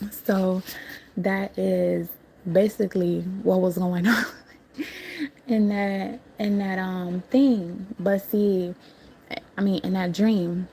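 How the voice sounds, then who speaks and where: Gravelly mellow woman rambling live. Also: mid-range voice, steady tone, slow. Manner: rambling, laughs often, swears freely. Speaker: livestream host recounting a dream. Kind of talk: casual livestream monologue.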